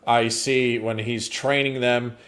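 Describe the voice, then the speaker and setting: A man's voice: mid-range voice, level tone, takes it slowly, a bit bright. A young man co-hosting a movie review show, casually and animatedly retelling scenes, with laughter and swearing along the way. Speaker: movie review podcast co-host. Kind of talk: casual chat.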